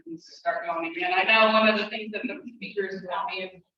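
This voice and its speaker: A woman teaching a language class, explaining step by step and encouraging her students, sometimes talking fast when she gets excited. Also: mid-range voice. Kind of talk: classroom instruction. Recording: echoey room, distant mic, muffled.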